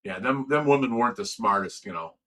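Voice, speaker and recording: An older man, a grandfather, hosts a casual livestream, chatting loosely and reading viewer comments aloud with frequent laughter. His mid-range voice is animated, brisk, bright and forceful, heard in a rough recording.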